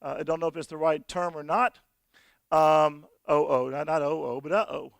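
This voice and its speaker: A man presenting at a conference and demoing software, telling folksy stories with frequent restarts. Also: on the high side, flat delivery, normal speed, clean tone, no echo. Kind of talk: conference talk with software demo.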